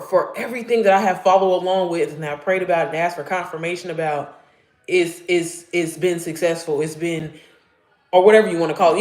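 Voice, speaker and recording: On a reverberant live stream, a woman in her 30s speaks frankly about faith and digital marketing. She swears, laughs, and her voice soars upward in moments of excitement.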